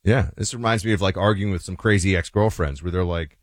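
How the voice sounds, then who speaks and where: A man's voice: on the low side, lively intonation, quick pace, hardly any pauses, a bit bright, no echo. A man co-hosting a talk radio show with wry, dry humor. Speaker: radio co-host. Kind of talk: casual talk radio banter.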